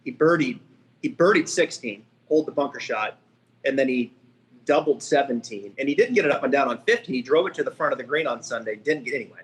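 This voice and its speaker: A man hosting a podcast, chatting casually in rambling, quick asides and often checking with "right?". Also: mid-range voice, expressive, a little hiss or hum. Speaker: podcast host. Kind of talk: casual chat.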